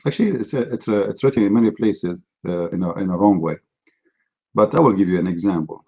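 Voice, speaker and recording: A man's voice: low voice, quick pace, gravelly, darkish tone, muffled recording. A man hosting a live online debate, mocking and lecturing his opponent in a combative way. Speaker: debate host.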